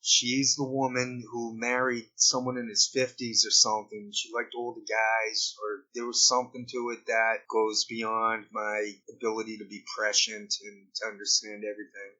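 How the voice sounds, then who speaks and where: A man's voice: on the low side, little pitch movement, normal speed, few pauses, pushed and bright, highs cut off. A man vlogging in an improvised, rambling way full of digressions and wry asides. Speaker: video blogger. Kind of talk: improvised commentary vlog.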